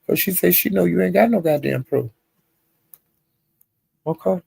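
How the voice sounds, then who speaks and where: Male channel host, gravelly husky voice, slightly high, AAVE, gossipy recap. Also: a little slow, no echo. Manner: gossipy, animated retelling with slang and profanity. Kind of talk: casual recap of online drama.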